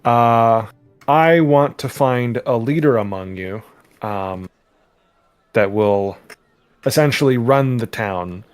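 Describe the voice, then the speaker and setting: A man's voice: mid-range voice, takes it slowly, pauses often, clear, resonant tone, no echo, faint music behind. A man playing in a tabletop game, joking around and talking in character to the game master. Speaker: player. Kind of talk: casual tabletop play.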